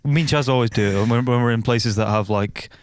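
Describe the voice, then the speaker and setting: A man's voice: medium pitch, quick pace, smooth, no echo. A man, a band member and podcast co-host, chatting casually in a reflective, rambling way. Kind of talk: casual chat.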